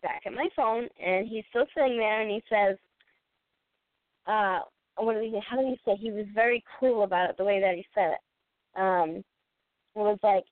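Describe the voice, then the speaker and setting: A woman's voice: mid-range voice, moderate pace, long pauses, dry recording. Rambling thirtysomething woman on a phone line. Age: 30s. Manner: rambling, laughs often. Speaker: podcast co-host. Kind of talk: casual storytelling chat. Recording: dry, tinny phone-like sound.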